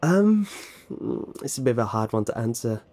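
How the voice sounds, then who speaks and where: Mellow-voiced British young man, rambling. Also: mid-range voice, big pitch swings, moderate pace. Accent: British, precise enunciation. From Britain. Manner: rambling, self-correcting, wry. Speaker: YouTube narrator answering fan questions. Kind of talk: casual Q&A vlog.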